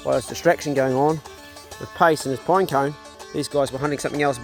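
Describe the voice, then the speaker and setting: A man narrating casually while walking his dogs by a farm pond. His voice sits a little high for a man, and his talk stays relaxed and offhand, filmed on a phone out in the open air. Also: fast talker, soft background music. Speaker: farm vlogger. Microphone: handheld phone.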